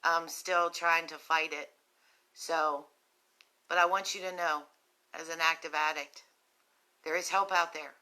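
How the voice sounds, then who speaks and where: A woman with a West Virginian accent hosting a live stream for a recovery nonprofit, talking slowly and gently with many ums while sick with a cough and a cough drop in her mouth. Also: low-pitched, steady tone. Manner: slow, gentle and compassionate, with frequent ums. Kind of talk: earnest live-stream talk to viewers.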